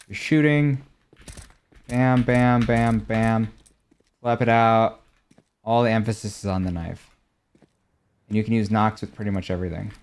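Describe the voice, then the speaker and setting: A young man talks casually through a game stream in a slightly low voice. He answers viewers' questions in a relaxed, chatty way. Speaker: gaming streamer. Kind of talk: casual chat while showing game skins.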